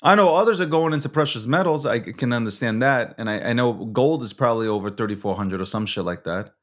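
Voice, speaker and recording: A man's voice: mid-range voice, quick pace. A man hosting a nightly recap show, ranting in an unscripted, profane and agitated way, repeating himself. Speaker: show host. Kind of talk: unscripted news recap and rant.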